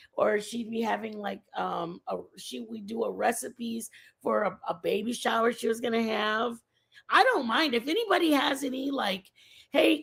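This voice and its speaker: Chatty gravelly-voiced woman livestreamer. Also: on the high side, fairly bright tone. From Mexican family background. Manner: rambling, chatty, repeats herself. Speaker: livestream host. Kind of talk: casual chat with live viewers.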